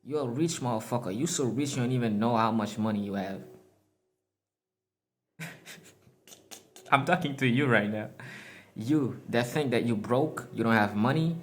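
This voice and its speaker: A man talking straight at the listener in a loose, freewheeling motivational monologue. His speech is emphatic and crude, heavy with swearing and street slang, and he chuckles at his own phrasing. His voice sits at an ordinary middle pitch. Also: normal speed, long pauses, slight background noise. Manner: emphatic, profane slang, laughs at himself. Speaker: motivational speaker.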